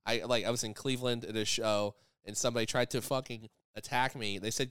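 Dude cohosting a podcast, talks super fast and curses a lot, smooth voice, dry mic. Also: male voice, medium pitch, dry recording. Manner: profane, animated storyteller who shouts quoted voices. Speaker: podcast co-host. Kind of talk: casual storytelling chat.

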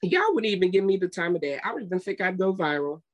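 A woman's voice: on the low side, very animated, fast, highs cut off. A woman co-hosting a casual chat, telling stories emphatically and acting out what people said. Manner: emphatic, retells scenes with quoted voices. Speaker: podcast co-host.

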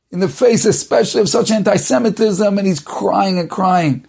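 A man tells a religious tale with dramatic, animated delivery, speeding up and slowing down. His voice sits high for a man and carries a steady gravelly fry. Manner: dramatic, animated, shifting pace. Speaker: storyteller.

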